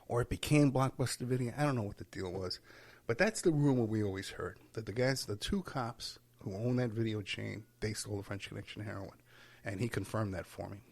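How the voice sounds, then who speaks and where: A man's voice: lowish voice, fairly quick, vocal fry, darkish tone. A man hosting his own podcast, rambling casually from home, tired, breaking off mid-sentence and chuckling to himself. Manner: rambling, self-interrupting, with chuckles. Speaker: podcast host. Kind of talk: casual solo podcast monologue. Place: at home while packing.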